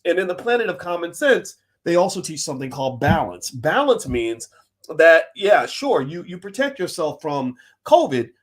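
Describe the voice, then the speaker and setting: A middle-aged man from the United States, hosting a livestream as a finance professor, talking in an emphatic, animated way that swings between loud and quiet. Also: on the high side, moderate pace. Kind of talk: livestream commentary.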